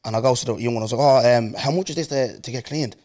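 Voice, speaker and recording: A man hosting a podcast, telling stories in casual chat with animated asides. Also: mid-range voice, racing. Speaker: podcast host.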